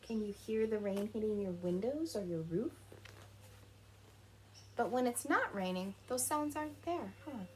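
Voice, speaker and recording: A woman's voice: mid-range voice, expressive, measured pace, long pauses, a little mellow, slight background noise. A woman reading a picture book aloud to young children at home, stopping to ask them questions and imitate animal sounds. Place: her home.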